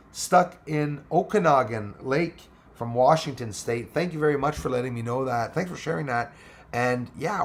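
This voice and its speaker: Gravelly man chatting on a livestream. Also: medium pitch. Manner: rambling, reads viewer comments aloud and thanks them. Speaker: livestream host reading chat. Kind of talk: casual live chat.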